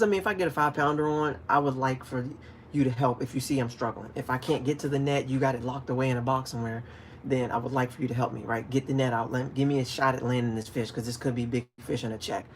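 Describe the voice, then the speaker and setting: A man hosts a relaxed fishing livestream, talking straight to his viewers in an easygoing way. He tells his stories with animation and sometimes bursts out with loud, acted shouts. A faint hiss of noise sits under his voice. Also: medium pitch, quick pace. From DC, Maryland, Virginia area. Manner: animated storytelling, acts out shouted calls. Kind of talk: casual livestream chat, reading viewer comments.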